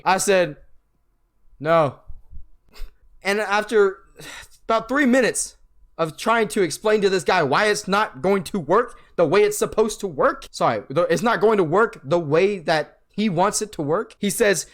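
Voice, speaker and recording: A young man with a high voice rants through a casual story, exasperated and swearing freely. He acts out the voices of the people in it as he goes. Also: normal speed. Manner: profane, exasperated, acts out quoted lines. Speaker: vlogger.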